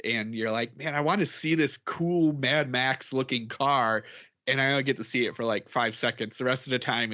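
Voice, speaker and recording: Bright-voiced chatty podcast guy. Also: mid-range voice. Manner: rambling and chatty, laughs often. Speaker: podcast co-host. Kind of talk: casual chat.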